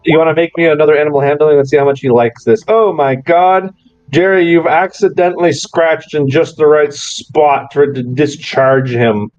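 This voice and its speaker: A man's voice: on the high side, steady tone, normal speed, darkish tone, highs cut off. Laughing man running a tabletop game. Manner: laughs often while narrating. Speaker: game master.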